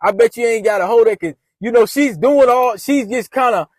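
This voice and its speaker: A man's voice: very high-pitched, fairly quick, no room sound. A man casually retelling a personal story in loose slang, often restarting his sentences.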